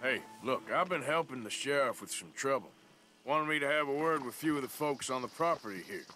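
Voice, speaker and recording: An actor playing a gruff, wry frontier gunman who drawls in slow Old West speech. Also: mid-range voice, lively intonation, pushed and bright, soft background music. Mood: polite.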